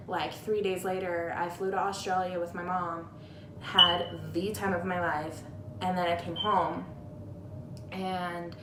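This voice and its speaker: Recorded through a tablet camera in a room with echo, this woman, a guest friend, rambles openly about a loss and leans heavily on "like." Her voice sits on the low side, with background noise present.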